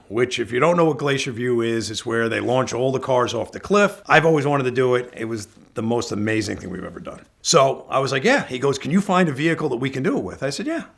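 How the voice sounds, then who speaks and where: A middle-aged man with a gravelly, husky voice tells a story in a loose, chatty way. He acts out what each person said, switching between his own lines and theirs. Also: mid-range voice, lively intonation, normal speed, fairly bright tone. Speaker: guest storyteller. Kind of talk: casual anecdote telling.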